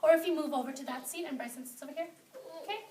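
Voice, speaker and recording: A woman teacher leading a morning meeting in a classroom, speaking gently and patiently and praising children by name. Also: high-pitched, racing. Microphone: far camera. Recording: roomy, distant with background noise.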